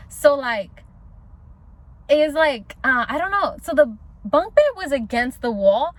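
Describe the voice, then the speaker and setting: A woman telling a personal story in a casual, slangy vlog chat, acting out her own past lines and laughing often. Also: high voice.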